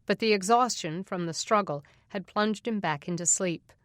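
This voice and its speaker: A woman reading a suspense audiobook in a steady, even narration. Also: mid-range voice, normal speed, no echo, studio quality.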